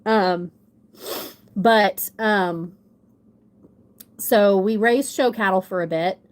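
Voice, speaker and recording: A young adult woman, a guest on a livestream, tells a rambling, self-deprecating story in casual chat, speaking extremely slowly in a mid-range voice. She has a runny nose.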